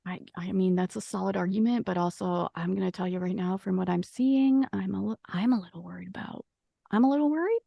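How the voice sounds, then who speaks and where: A woman plays a tabletop game with a low, gravelly voice. She talks earnestly and stumbles over her words, and the sound is dry. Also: mellow, dry recording. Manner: earnest, quick, stammering. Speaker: player. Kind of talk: casual tabletop play.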